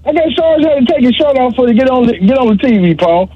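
A man's voice: very high-pitched, lively intonation, fast, breathy edge, dry recording. A male caller trading joking, teasing trash talk on a call-in radio show over a phone line.

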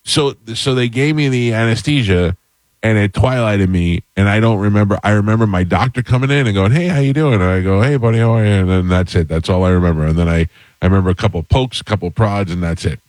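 A man with a very low voice tells a rambling personal story to his co-hosts, casual and self-deprecating. The sound is dry and close, with no room around it. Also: fast, no echo. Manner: rambling, animated anecdote with self-deprecating humor. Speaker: podcast host.

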